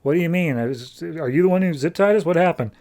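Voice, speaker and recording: A panicked young thug, put on by a man, whose voice jumps up high and thin. He fires off shrill, incredulous questions as his pitch shoots up. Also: quick pace, a little mellow, close to an everyday voice.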